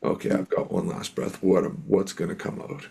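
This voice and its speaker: A man's voice: sits low, level tone, moderate pace, vocal fry, dark tone, breathy edge. A middle-aged man from Canada, a musician and speaker, telling stories as an interview guest in an earnest, rambling way with lots of fillers. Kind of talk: storytelling in an interview.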